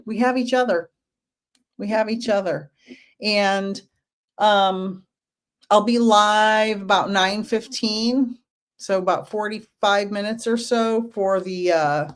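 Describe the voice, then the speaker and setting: A woman in her fifties, a spiritual medium hosting a casual livestream, who talks in a gentle, reassuring way with chatty asides. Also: mid-range voice.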